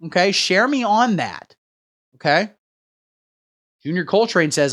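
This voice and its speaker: A man hosting a satirical livestream, riffing crudely in a rambling, deadpan way while he reads the chat. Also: high voice, slow pace, long pauses. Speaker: livestream host. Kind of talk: satirical livestream comedy rant.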